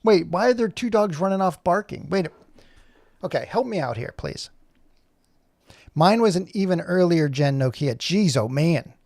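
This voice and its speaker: A man in his forties talks casually on a livestream as he works on an animation. He jokes and rambles to himself, with a gravelly, fry-heavy voice that sits a bit higher than most men's. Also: lively intonation, normal speed, a little mellow, no room sound, studio quality. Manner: joking, rambling self-talk while working. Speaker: animator streaming live.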